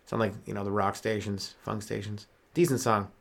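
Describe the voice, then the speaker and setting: A man's voice: on the low side, flat delivery, a little fast, gravelly. A Canadian man hosting a solo comedy podcast, rambling loosely and swearing a lot while short on sleep. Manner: loose, rambling, swears often, laughs at own jokes. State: sleep-deprived.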